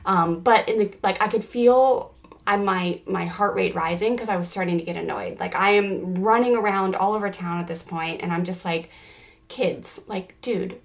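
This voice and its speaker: A woman in her forties, a parenting coach hosting a podcast, telling a family story in a chatty, animated way full of "like" fillers. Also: mid-range voice, moderate pace, gravelly. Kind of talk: casual storytelling.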